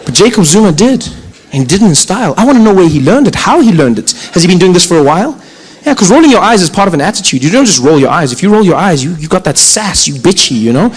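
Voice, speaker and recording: Animated high-voiced male comedian. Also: fast talker, slightly rough, a faint crowd, rough recording. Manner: animated, playful, storytelling. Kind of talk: stand-up comedy.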